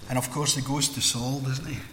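Scottish preacher in an echoey hall. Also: male voice, medium pitch, flat delivery, brisk, bright, forceful tone, a little hiss or hum. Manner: storytelling, conversational, acts out Bible scenes. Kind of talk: sermon. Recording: echoey hall with long reverb.

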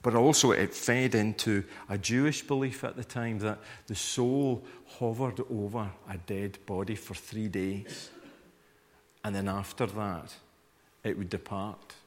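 A man preaching a sermon in a low, conversational voice. He keeps asking listeners to picture themselves in the scene, and a long hall reverb trails after each phrase. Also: steady tone, a little slow. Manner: conversational, invites listeners to imagine the scene, acts out reactions.

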